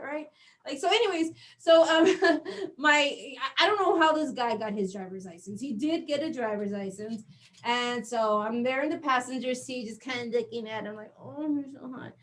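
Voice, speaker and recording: A middle-aged woman doing a stand-up comedy set, telling a story and acting out the voices in it. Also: fairly high pitch. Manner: animated storytelling, acts out dialogue.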